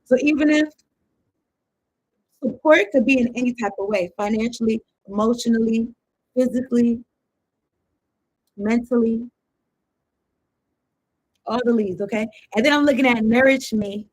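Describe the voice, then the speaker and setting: A woman's voice: fairly high pitch, unhurried, pauses often, rough recording. Casual rambling woman reading tarot. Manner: rambling, thinking aloud, loose slang and swearing. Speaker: tarot card reader.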